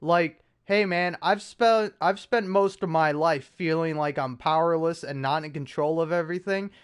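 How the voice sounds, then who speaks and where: Profane rambling young man, smooth voice. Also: a little high, moderate pace. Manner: rambling, profane, self-mocking storytelling with frequent restarts. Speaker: podcast host. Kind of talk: casual chat.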